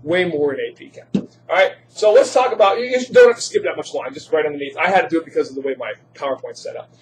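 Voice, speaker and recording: Talking fast in a fairly high voice, this man teaches high school chemistry, firing questions at students and joking in asides. A bit of background noise can be heard.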